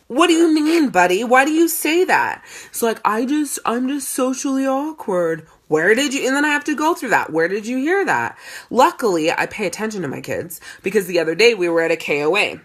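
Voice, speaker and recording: Blunt, profane woman coach. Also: mid-range voice. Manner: animated storytelling. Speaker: life and sales coach. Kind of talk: casual monologue.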